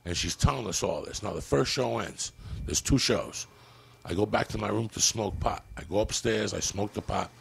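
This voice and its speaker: A man's voice: fairly low pitch, moderate pace, gravelly, slight background noise. A man telling a crude, rowdy story as a comedian guest on a podcast.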